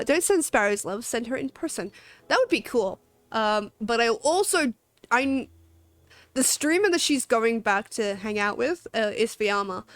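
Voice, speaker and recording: A woman's voice: a little high, no room sound. A young Australian woman streaming a game, rambling chattily, laughing often and swearing casually. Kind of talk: casual gaming stream chat.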